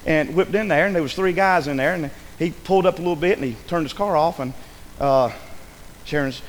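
Fervent preacher in an echoing hall. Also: male voice, a little high, fairly quick, slight background noise. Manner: fervent storytelling, swings between hushed and shouted. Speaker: pastor. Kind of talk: sermon. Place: church sanctuary. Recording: echoey hall with faint ambience.

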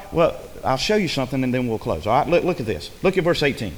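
A man preaching a sermon in a folksy, repetitive way, swinging between loud emphasis and hushed asides. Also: medium pitch, big pitch swings, fast, hardly any pauses. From rural upbringing. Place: church. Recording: long hall reverb.

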